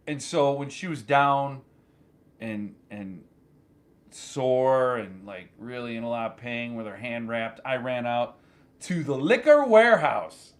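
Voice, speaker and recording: A man hosting his own channel, telling a story in an animated, joking casual chat. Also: medium pitch. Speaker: channel host.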